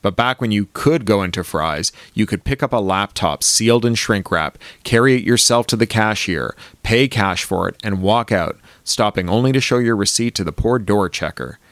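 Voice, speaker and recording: A man's voice: on the low side, animated, normal speed, few pauses, fairly bright tone, dry recording. A man voicing a wry, paranoid middle-aged tech founder in an audiobook reading.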